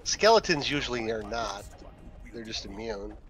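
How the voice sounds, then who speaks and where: A man chatting casually while playing an online game, reacting quickly and laughing with his group. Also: on the low side, sing-song, over music. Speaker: podcast co-host and player. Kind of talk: casual gameplay chat.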